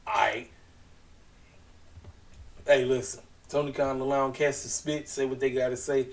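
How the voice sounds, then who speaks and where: A man's voice: mid-range voice, steady tone, unhurried, recorded from a distance. A man giving a casual, slangy wrestling show recap, chatty and acting out what people said. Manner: chatty, slangy, retells scenes in quoted voices.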